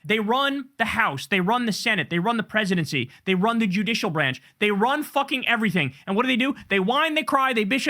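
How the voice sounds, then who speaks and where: Ranting high-voiced man, bright tone. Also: expressive, fairly quick, hardly any pauses. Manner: heated, profane, ranting. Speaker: political commentator host. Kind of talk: angry political rant.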